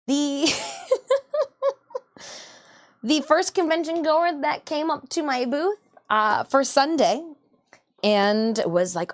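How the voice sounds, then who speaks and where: A woman's voice: high voice, lively intonation, takes it slowly, long pauses. A woman from Michigan, a cosplayer hosting her livestream, tells casual rambling stories, corrects herself often and acts out the dialogue she quotes. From Michigan, USA.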